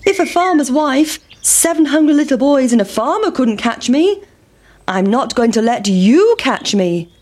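A woman voicing a cheeky, boastful runaway pancake in a children's storybook reading, squeaky and teasing. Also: expressive, measured pace, darkish tone.

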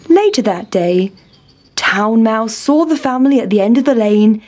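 A woman reading a children's storybook aloud in a slow, clear, expressive way. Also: a little high.

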